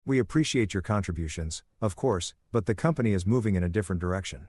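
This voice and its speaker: A man voicing a sharp, cutting older woman executive in a read-aloud story. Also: sits low, lively intonation, fast talker, slightly rough, dry recording, clean studio sound.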